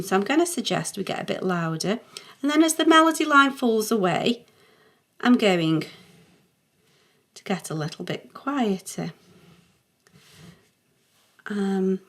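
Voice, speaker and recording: A middle-aged music theory teacher with a medium-pitched, slightly bright voice patiently works through an exercise. She thinks aloud as she writes and sings short note sounds along the way.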